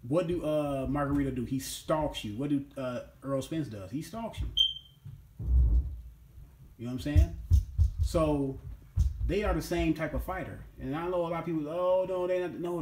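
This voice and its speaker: A man's voice: mid-range voice, background noise. A man hosting a casual boxing opinion monologue, talking emphatically and repeating his points. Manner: emphatic and repetitive, keeps asking "you know what I'm saying". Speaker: boxing commentary host. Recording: roomy echo.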